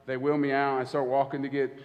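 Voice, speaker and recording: A man's voice: mid-range voice, completely flat delivery, a little fast, lo-fi sound. A man, a church elder, preaching a sermon, telling a personal story and acting out the quoted dialogue. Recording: hall reverb.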